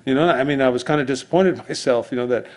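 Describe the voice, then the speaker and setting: A man's voice: medium pitch, very fast. A man preaching as pastor, in a rambling conversational sermon full of asides and restarts.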